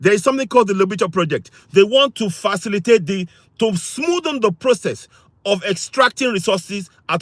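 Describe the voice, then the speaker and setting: Livestream host, man, high voice, dry close sound, insistent and repetitive. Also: no room sound. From Africa. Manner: insistent, repetitive, reads and answers chat comments. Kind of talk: impassioned political livestream talk.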